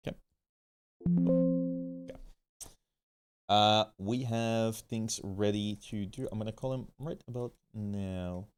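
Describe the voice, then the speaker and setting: A man's voice: fairly low pitch, clear, resonant tone. A playful, rambling man from Italy chatting casually on his gaming stream and swearing now and then.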